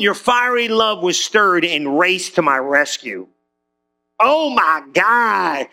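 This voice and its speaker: A man preaching an animated sermon in a casual, joking way, acting out prayers and swinging between high excited lines and low soft ones. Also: takes it slowly, vocal fry. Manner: conversational preaching with acted-out prayers and humor. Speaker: pastor.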